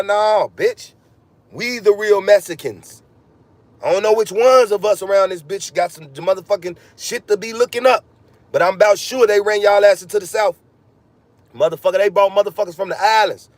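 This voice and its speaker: A man talks in a heated, profane rant, his voice sitting fairly high. He swears constantly and jumps from point to point in a freewheeling podcast monologue. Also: dry recording. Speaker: podcast host.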